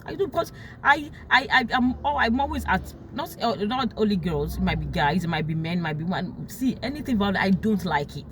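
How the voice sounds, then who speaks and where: A young Nigerian woman with a Nigerian accent talking about her life in casual storytelling, emotional and quick to act out what others said. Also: mid-range voice, a little hiss or hum. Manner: emotional, animated, quotes others in sharp raised tones.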